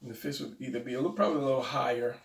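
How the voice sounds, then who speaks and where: A drawing tutorial host talks through his sketch step by step, his gravelly, creaky, mid-range voice holding a steady tone at a very fast clip. He rambles, talks to himself, and corrects his own slips as he goes in this casual lesson. The mic seems a little distant, and the roomy space echoes.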